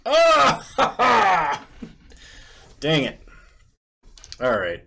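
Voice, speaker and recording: A man's voice: medium pitch, sing-song, a little slow, slight background noise. A man streaming himself playing an online card game, calling out each play in short clipped phrases as he goes. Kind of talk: live commentary on his own card game.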